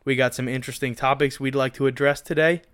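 A man's voice: mid-range voice, flat delivery, fast talker, fairly bright tone, clear, resonant tone. A man co-hosting a casual podcast, joking around with a mock announcer tone. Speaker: podcast co-host. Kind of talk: casual chat.

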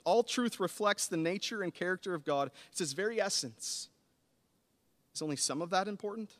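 A man in his thirties preaching a sermon, earnest and building to animated emphasis. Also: high voice, normal speed. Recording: long hall reverb.

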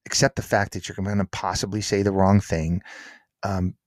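A man's voice: sits low, little pitch movement, normal speed, no echo, clean studio sound. Earnest man in podcast interview. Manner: earnest, emphatic, acts out quotes. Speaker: author and guest.

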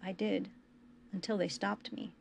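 A woman reading a story aloud, voicing a traumatized young man who talks in a halting near-whisper. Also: mid-range voice, little pitch movement, vocal fry, slight background noise. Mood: haunted.

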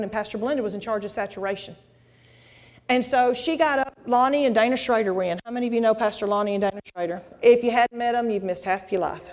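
A woman preaching a testimony sermon to a congregation, folksy and animated, with exclamations and asides. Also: fairly high pitch. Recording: long hall reverb.

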